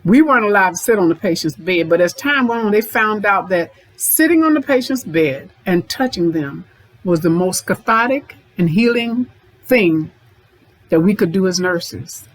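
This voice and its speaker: A woman's voice: medium pitch, animated, normal speed, low-quality recording. A middle-aged woman, a therapist hosting a podcast, talking in a folksy way and repeating lines for emphasis. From Memphis, Tennessee. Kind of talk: podcast monologue.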